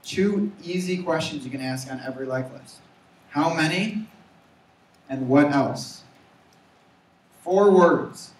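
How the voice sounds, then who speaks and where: A young man giving an energetic motivational sales talk, urging his audience to repeat after him. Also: fairly high pitch, slow, long pauses. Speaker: sales trainer. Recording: roomy, from far off.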